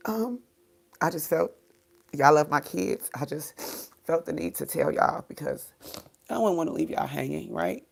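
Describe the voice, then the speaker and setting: Grieving woman with a low gravelly voice. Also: animated. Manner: halting, many ums, swears, faith talk. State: grieving, close to tears. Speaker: livestream host. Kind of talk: grieving livestream talk, reading comments.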